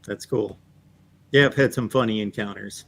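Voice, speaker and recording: A man hosting a sports show, telling animated anecdotes with laughter. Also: lowish voice, moderate pace. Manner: animated storyteller, laughs while talking. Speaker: host.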